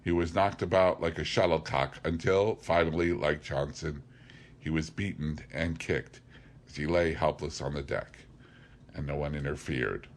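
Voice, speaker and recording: A man reading a classic novel aloud as narrator, in a measured, deliberate way. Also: rumbling low, fairly even intonation. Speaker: audiobook reader.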